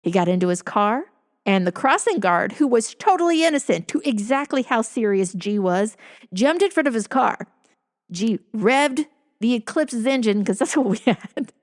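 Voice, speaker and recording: A woman's voice: on the high side, animated, normal speed. A middle-aged woman casually telling a personal story, often chuckling and breaking off into asides and self-corrections. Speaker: storyteller recounting her own life.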